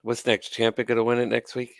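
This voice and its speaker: This is a wrestling commentary channel host ranting to camera, sarcastic and exasperated, with the occasional swear word. He talks quickly in a mid-range, creaky voice, and his delivery is completely flat. There's no echo, and the sound is studio quality.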